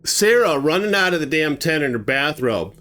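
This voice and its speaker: A man telling a grim story casually, animated and conversational, acting out sounds as he goes. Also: a little high, normal speed, faint music behind.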